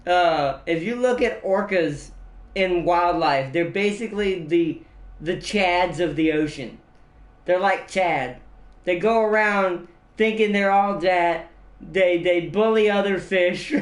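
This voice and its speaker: Man, a touch high-voiced, casual streamer, rambly and giggly, roomy echo. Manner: rambling, laughs often at his own jokes. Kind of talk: casual livestream chat.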